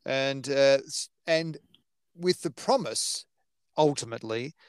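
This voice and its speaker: A man's voice: mid-range voice, slow, smooth, no echo. A man co-hosting a podcast, chatting casually about a film and laughing often. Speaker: podcast co-host. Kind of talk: casual chat about films.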